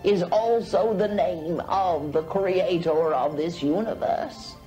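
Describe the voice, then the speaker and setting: A solemn, ancient male spirit guide, as a woman channels him, speaking at an unhurried, deliberate pace. The pronouncements come slow and measured, with faint music underneath. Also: on the low side, dark tone, voice pushed down.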